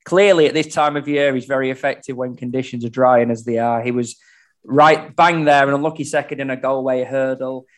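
A man's voice: medium pitch, steady tone, a little fast. A man giving casual, analytical horse racing tips on a podcast. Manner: chatty, fluent, analytical. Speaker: racing tipster.

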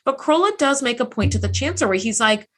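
A young woman co-hosting a podcast, chatting casually and animatedly about a TV episode, swearing and acting out characters. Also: fairly high pitch. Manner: animated, swears, acts out characters in quick asides. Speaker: podcast co-host. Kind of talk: casual chat recapping a TV episode.

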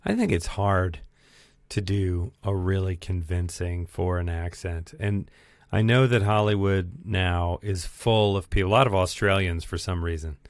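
A man's voice: sits low, unhurried, no echo. A man co-hosting a podcast, chatting casually and with opinions in a film review. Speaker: podcast co-host.

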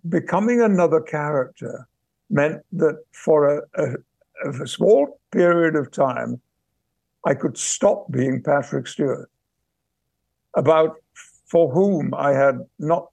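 Older english guy, rp accent, gravelly, a bit higher than most, slow careful storytelling, dry studio sound. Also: a little mellow, no room sound. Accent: British received pronunciation. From Yorkshire, England. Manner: measured, thoughtful, pausing to search for words. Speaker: guest, actor and memoir author. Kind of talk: reflective interview storytelling.

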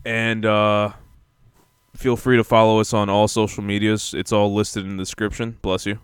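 A man's voice: on the low side, flat delivery, normal speed, smooth, dry recording, clean studio sound. A man hosting a casual podcast, joking in a laid-back way and laughing often. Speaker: podcast host. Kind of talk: casual chat.

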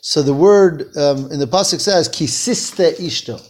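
A man's voice: fairly high pitch, lively intonation, a little slow. A man leading a text-study class, reading Hebrew phrases aloud, translating them and asking his students questions. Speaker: Torah teacher.

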